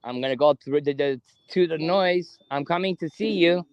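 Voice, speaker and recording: A man, slowly asking spirits questions during a ghost hunt in a cemetery. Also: on the high side, smooth, no echo, dull audio. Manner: slow, coaxing questions with long pauses. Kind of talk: paranormal investigation, talking to spirits. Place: cemetery at night.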